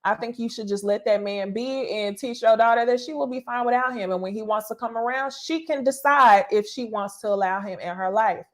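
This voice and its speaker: Animated woman recapping reality TV. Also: on the high side, fairly quick, hardly any pauses. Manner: animated, profane, laughing asides to viewers. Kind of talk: casual recap commentary.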